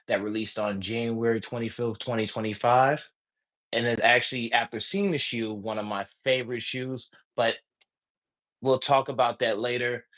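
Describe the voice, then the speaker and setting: Animated Southern man hosting a podcast. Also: mid-range voice. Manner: animated, enthusiastic. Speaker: podcast host. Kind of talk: live podcast interview.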